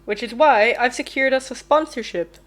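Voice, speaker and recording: A woman's voice: fairly high pitch, fairly quick, soft background music, lightly acted. A woman voicing a cheery, manic male school principal, reading game dialogue aloud in a theatrical announcer manner.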